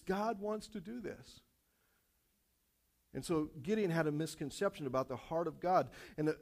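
A man preaching a sermon to his congregation, animated and repetitive, dropping light self-aware jokes along the way. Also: sits high. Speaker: pastor.

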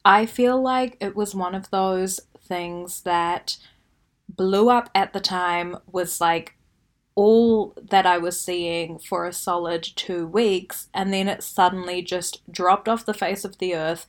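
A young woman with a New Zealand accent hosting a podcast in a casual, chatty way, talking slowly and laughing often. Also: on the low side, steady tone. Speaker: podcast host.

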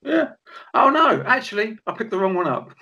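A man's voice: high-pitched, very animated, normal speed, sharp tone, highs cut off, slight background noise. A man guest in a casual tasting chat over a video call, easygoing with short replies.

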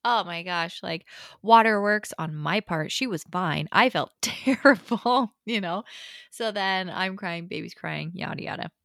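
A young woman co-hosting a podcast, her voice a little low with a gravelly fry. She talks in a candid, chatty way, full of "like" and "really." The sound is dry and close. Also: expressive, measured pace, sharp tone, dry recording. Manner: candid and chatty, many fillers. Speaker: podcast co-host. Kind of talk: casual advice talk.

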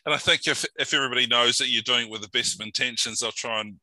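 Bright-toned New male host. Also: mid-range voice, steady tone, quick pace, no room sound, poor audio. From New Zealand. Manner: chatty, laughing storyteller. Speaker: interviewer, host. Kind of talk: casual interview chat and anecdote.

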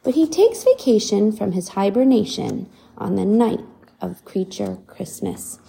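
A woman reading a picture book aloud to a child, pausing to ask questions about the pictures. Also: medium pitch, vocal fry. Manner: animated, asks the child questions. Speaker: reader to a child.

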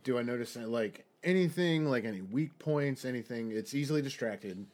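A man playing a tabletop game, talking casually, eager and quick to joke. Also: mid-range voice, animated, a little mellow. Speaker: player.

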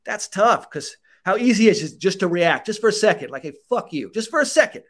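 A man hosting a casual podcast, coaching in an animated way, swearing freely and acting out quoted lines. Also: sits high, a little fast. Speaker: podcast host, mental performance coach.

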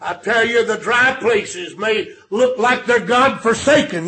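Older male preacher, high voice, storytelling sermon that swells into shouted emphasis. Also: measured pace.

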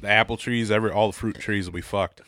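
A man co-hosting a casual podcast, unhurried and swearing freely. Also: lowish voice, fairly even intonation, fairly bright tone, no echo, clean studio sound. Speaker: podcast co-host. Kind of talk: casual chat.

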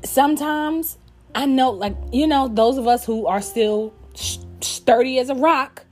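This mother's candid talk to camera is frank, profane and emphatic, full of repetition, with faint music behind it. Her voice sits high, and her pace is a little slow.

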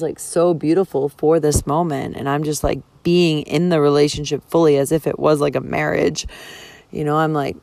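A woman's voice: sits low, creaky, a little mellow, no room sound. A young woman vlogger telling a personal story candidly, emotional and swearing freely, with lots of fillers. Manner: frank, emotional, swears a lot, filler-heavy.

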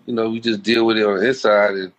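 A man's voice: fairly low pitch, little pitch movement, fast talker, lo-fi sound. A man being interviewed as a guest, telling a personal story in a heartfelt, rambling, slangy way. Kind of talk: casual storytelling.

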